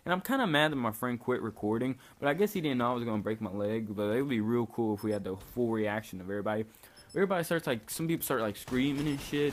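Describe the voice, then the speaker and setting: A man's voice: medium pitch, rapid-fire. A young man casually telling a story on his vlog, laid-back, peppering his talk with "like" and swearing freely. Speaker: vlogger. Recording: faint background noise.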